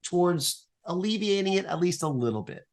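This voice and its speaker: A man guest on a podcast, explaining an improv exercise in a playful, animated way and swearing casually. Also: high-pitched, a little fast.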